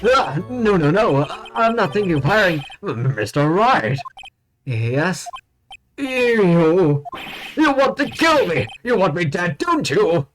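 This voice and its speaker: A man voicing a flustered young male defense lawyer from game dialogue, stammering and jumping up in pitch. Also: animated, a little fast, a little hiss or hum, lightly acted. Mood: panicked. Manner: stammering, jumpy, squeaks up in panic. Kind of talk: reading game dialogue aloud. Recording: game music behind voice.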